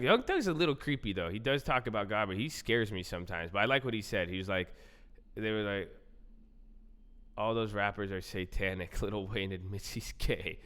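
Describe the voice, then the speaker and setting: Male livestream host, low smooth voice, rambling casual chat full of "bro", reverberant sound. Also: a bit bright. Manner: loose, rambling, repeats himself, says "bro" and "man" a lot.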